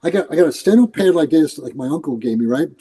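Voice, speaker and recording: Animated older man from New York. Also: fairly high pitch, fast talker, slightly rough, poor audio. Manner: animated, acts out quoted voices. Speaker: retired police commander, guest. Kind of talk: casual storytelling interview.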